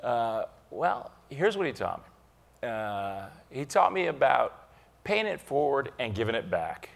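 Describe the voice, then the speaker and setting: Animated, gravelly man telling stories. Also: medium pitch, measured pace. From Ohio. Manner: animated, repeats himself while gathering his thoughts. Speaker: interview guest. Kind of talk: anecdotal storytelling.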